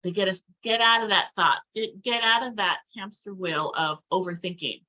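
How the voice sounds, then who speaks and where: Woman, bright voice, rambling casual spiritual vlogger who acts out quoted asides. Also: medium pitch, moderate pace, poor audio. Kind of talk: casual spiritual talk to camera.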